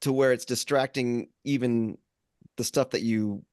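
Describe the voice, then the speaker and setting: Male podcast co-host, casual rambler, medium pitch, dry close-miked read. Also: fairly even intonation, a little slow, a little mellow, no echo. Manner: rambling, many restarts. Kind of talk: casual chat.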